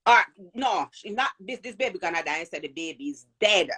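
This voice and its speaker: A woman with a Jamaican accent telling a personal birth story in an animated way, acting out the voices of people she quotes. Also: on the low side, brisk, slightly rough. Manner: animated, acts out quoted voices, repeats and restarts.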